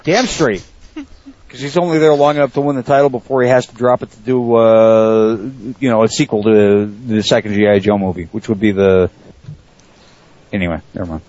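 Man, podcast host, brisk, teasing, keeps the show moving, muffled lo-fi audio. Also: on the low side, steady tone, darkish tone. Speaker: podcast host running the picks. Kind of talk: casual wrestling podcast chat. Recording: dull lo-fi audio.

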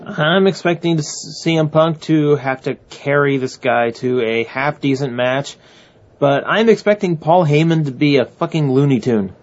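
A man's voice: fairly high pitch, moderate pace. Blunt man on a lo-fi mic. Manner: blunt, profane asides. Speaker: podcast co-host. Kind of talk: casual podcast chat. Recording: dull lo-fi mic.

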